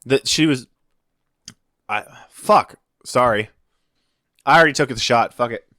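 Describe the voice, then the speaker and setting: A man co-hosting a casual podcast, excitable and swearing freely as he calls drinking shots. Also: mid-range voice, a little slow, dry recording, clean studio sound. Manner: profane, excitable, cheering and calling shots. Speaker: podcast co-host.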